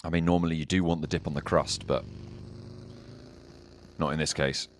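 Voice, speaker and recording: A man doing live play-by-play for an esports match, calling the action in rapid bursts and laughing easily with his co-caster. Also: a bass voice, fairly even intonation, slight background noise.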